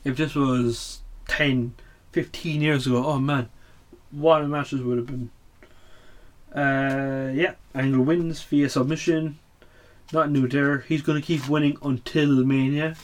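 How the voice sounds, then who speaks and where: A man's voice: medium pitch, steady tone, slow. Man, casual recap, blunt, swears, opinionated, lots of fillers. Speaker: wrestling podcast host. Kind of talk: casual weekly show recap.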